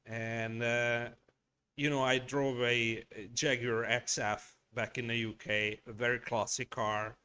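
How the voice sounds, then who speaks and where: A man's voice: medium pitch, sharp tone, clear, resonant tone. A man from Hungary with a Hungarian accent, hosting a craft shop livestream and chatting bluntly. He swears a lot and rambles with many restarts. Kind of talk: casual chat, ranting. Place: workshop.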